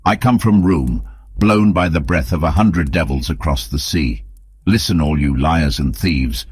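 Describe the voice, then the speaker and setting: A man voicing a wild, loud, mad wandering priest who declaims to a crowd in an audiobook. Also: rumbling low, measured pace, slightly rough, dry recording, clean studio sound, exaggerated voice. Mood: ranting.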